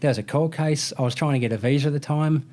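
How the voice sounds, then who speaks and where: A man's voice: fairly high pitch, fast, a little mellow. An Australian man in his thirties, a motorcycle racer telling a rambling story in casual chat, full of slang and restarts. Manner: rambling, self-correcting anecdote with slang.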